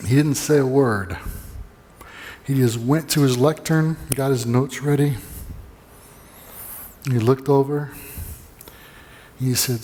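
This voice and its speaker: A man preaching a sermon in an easygoing, storytelling way, with a voice of middling pitch. He often doubles his words as he restarts a thought. His voice rings with a long reverb through a church sanctuary. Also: slow pace, long pauses, warm tone. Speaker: pastor.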